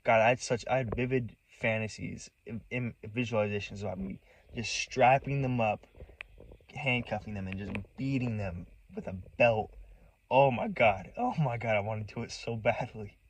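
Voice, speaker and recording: A man's voice: lowish voice, normal speed, slight background noise, poor audio. Profane, rambling man telling a story. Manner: agitated, profane, rambling with many restarts. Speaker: vlogger. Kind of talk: casual storytime monologue.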